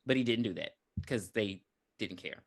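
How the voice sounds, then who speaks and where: A woman's voice: very deep voice, lively intonation, normal speed. A woman podcast host giving a casual, profane movie recap with emphatic storytelling.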